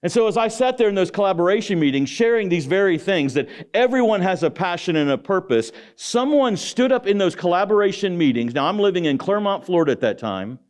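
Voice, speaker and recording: A man's voice: high-pitched, animated, a little fast, hardly any pauses. A middle-aged man giving a motivational speech in an auditorium, preaching and calling out to the audience with rhetorical questions. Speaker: guest speaker.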